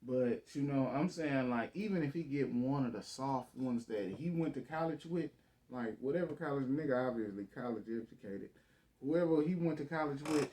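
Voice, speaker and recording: A man's voice: medium pitch, a little mellow, a little hiss or hum. Blunt, profane male stream commentator. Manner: blunt, profane and slangy, talks over the clip. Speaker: stream commentator reacting to a debate. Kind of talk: casual reaction commentary.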